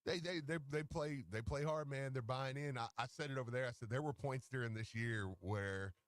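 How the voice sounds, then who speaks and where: A man's voice: mid-range voice, brisk. A man co-hosting a sports radio show and working as a basketball coach, talking in casual banter, laughing and retelling conversations with lots of fillers.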